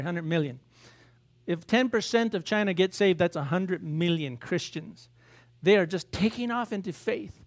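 A male pastor delivers a sermon in a fairly high voice. He talks to his congregation casually, tossing out rhetorical questions and breaking into little acted bits of biblical dialogue.

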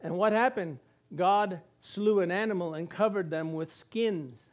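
A man with a notably high voice delivers a casual, lively sermon as a church pastor. He jokes along the way and briefly acts out the voices of the people he quotes. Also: a little slow. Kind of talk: conversational sermon.

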